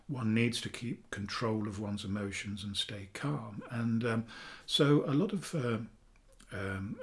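A man, a therapist calmly teaching a self-help technique in a chatty video, with fillers, dropping softly for affirmations. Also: fairly low pitch. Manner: calm, chatty explaining with fillers, softening to near-whispers for affirmations. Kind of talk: talking-head teaching video.

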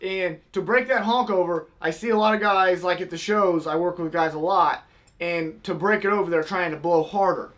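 High-voiced man teaching goose calling. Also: normal speed, fairly bright tone, a little hiss or hum. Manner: step-by-step, demonstrating with vocal honk sounds. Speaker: goose call instructor. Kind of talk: casual how-to tutorial.

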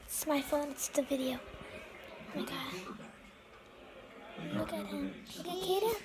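A young girl vlogging casually at home, gushing and excitable, often dropping into whispers. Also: sits high, a little slow. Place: home, indoors.

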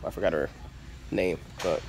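A man, chatting casually as a collector vlogger, mumbling then bursting into loud exclamations. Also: sits low, fairly even intonation, normal speed, vocal fry. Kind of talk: casual chat. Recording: noisy background.

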